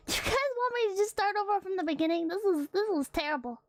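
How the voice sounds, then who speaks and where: A woman's voice: very high-pitched, lively intonation, fairly quick, dry recording. A young woman streamer reading a horror story aloud between chat to viewers, flustered and giggly, stumbling over words.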